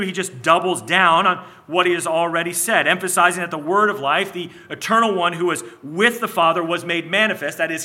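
A man preaching an expository sermon, teaching in a measured way, slowing on key phrases and sometimes restarting his words. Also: sits high, sharp tone. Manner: restarts and repeats words as he goes.

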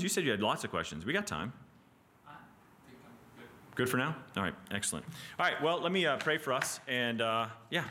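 A man teaching a Bible study class in a casual, animated way, often asking "right?" and restarting his sentences. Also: mid-range voice, a little fast, pauses often.

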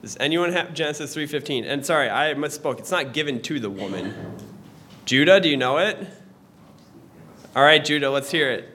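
Young male Sunday school teacher, relaxed and chatty, voice sits a touch high. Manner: conversational, with pauses and restarts. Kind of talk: teaching a church class. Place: church classroom.

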